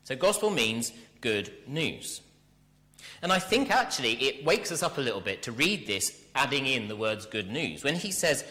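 A man preaching a sermon, animated and speaking directly to his congregation in a church. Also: medium pitch, moderate pace, in a large hall. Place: church hall.

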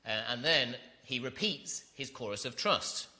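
Bright-voiced man preaching a sermon. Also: mid-range voice, expressive, a little slow. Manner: earnest, building to emphatic repetition.

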